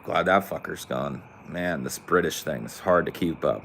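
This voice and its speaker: A man's voice: a bass voice, normal speed, gravelly, hardly any pauses, fairly bright tone. A man co-hosting a podcast, joking and riffing in casual chat. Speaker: podcast co-host.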